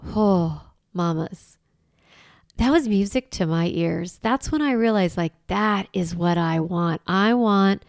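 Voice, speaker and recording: A woman's voice: fairly low pitch, moderate pace, gravelly, darkish tone, dry recording, clean studio sound. A woman in her forties hosting a solo podcast, talking in an earnest, reflective way with light laughs. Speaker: podcast host.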